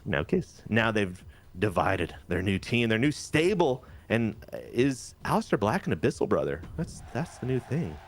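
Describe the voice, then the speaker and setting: Low-voiced man recapping with jokes. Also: moderate pace. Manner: animated, jokey play-by-play storytelling. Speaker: co-host recapping a wrestling game. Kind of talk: casual gaming chat.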